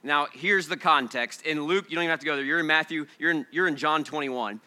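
Energetic pastor with a bright voice. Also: male voice, on the high side, a little fast. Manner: energetic, swinging from shouts to hushed storytelling. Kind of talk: sermon. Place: church sanctuary before a congregation.

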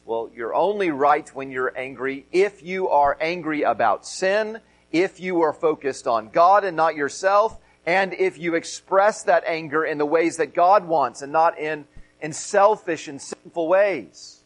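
A middle-aged man preaches from the pulpit in an earnest tone, circling back to repeat and stress his key phrases. His speaking voice sits somewhat high for a man. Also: a little slow, rough recording. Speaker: pastor. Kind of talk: sermon.

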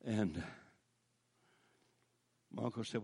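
Older preacher, unhurried and animated; folksy storyteller who breaks into shouts of praise. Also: male voice, mid-range voice, creaky. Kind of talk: storytelling sermon.

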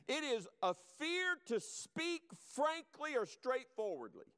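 High-voiced fervent preacher. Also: male voice, big pitch swings, takes it slowly, fairly bright tone. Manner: fervent, exhorting, repetitive. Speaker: pastor. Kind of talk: sermon.

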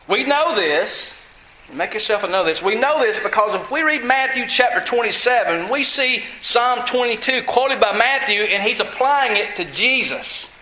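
Bright high-voiced male pastor preaching. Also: reverberant, poor audio. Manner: asks the congregation questions, repeats lines for emphasis. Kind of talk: sermon.

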